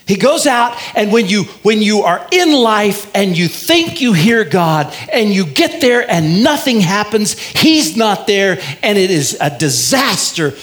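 High-voiced preacher man, lively delivery. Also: a little slow, hardly any pauses. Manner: lively, drawls out key phrases, has the congregation repeat lines. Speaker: pastor. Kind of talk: sermon.

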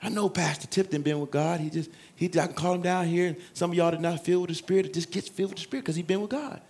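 A man preaching a sermon in a folksy, joking way, swinging between loud shouted emphasis and hushed asides. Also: sits high, quick pace. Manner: conversational, folksy preaching with humor.

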